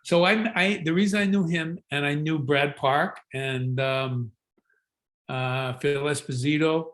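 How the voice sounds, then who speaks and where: A man's voice: on the high side, steady tone, measured pace, fairly bright tone. Rambling older man telling stories. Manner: rambling, many restarts and fillers, slips into regional voices. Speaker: guest actor. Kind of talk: casual interview talk, storytelling.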